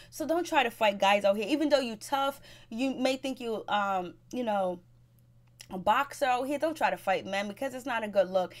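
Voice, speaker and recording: Casting: slightly high-voiced woman for a gossipy, casual TV recap host. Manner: chatty, gossipy, gives blunt advice.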